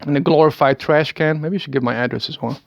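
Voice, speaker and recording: Speaking fast with vocal fry and a fairly high pitch, a Dutch video maker in his thirties delivers a hesitant, meandering monologue he recorded himself. It is full of stammered restarts and small chuckles, and his Dutch accent is clear. There is no room sound.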